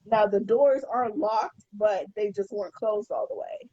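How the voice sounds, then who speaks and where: A woman's voice: medium pitch, unhurried, warm tone, no room sound, lo-fi sound. Profane, storytelling woman podcast host. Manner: profane, repeats words when starting sentences. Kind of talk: casual chat, storytelling.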